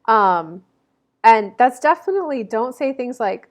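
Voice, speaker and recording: A woman's voice: a little high, sing-song, unhurried. A woman in her thirties giving a casual zodiac reading to camera, chatty and rambling, with many fillers and self-corrections. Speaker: astrology reader.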